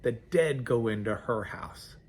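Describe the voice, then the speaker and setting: A man's voice: medium pitch, expressive, measured pace, a little mellow, husky. A man, a pastor giving a folksy, conversational devotional talk. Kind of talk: devotional sermon.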